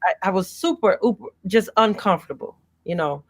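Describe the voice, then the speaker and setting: A woman's voice: mid-range voice, brisk. A woman pastor from Gary, Indiana, speaking as a guest in an interview, earnest and growing passionate as she recites faith confessions. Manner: earnest, grows passionate and emphatic.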